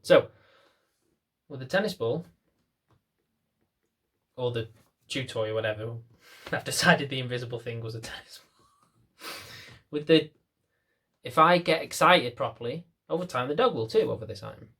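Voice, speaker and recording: Male dog trainer, young, mid-pitched, talks bluntly to camera and rambles, mocking himself as he goes. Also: normal speed, long pauses, sharp tone, husky. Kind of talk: casual talk to camera.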